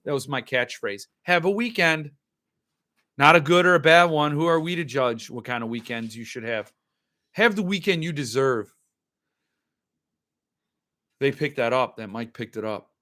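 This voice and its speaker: A man's voice: medium pitch, lively intonation, normal speed, long pauses, pushed and bright. A man hosting a podcast, rambling in loose, joking casual chat while he opens and drinks wine. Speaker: podcast host.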